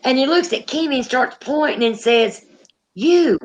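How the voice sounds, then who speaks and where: A woman's voice: sits high, normal speed, poor audio. A woman hosting a casual paranormal chat, animatedly retelling a story and acting out the quotes. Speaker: paranormal channel host.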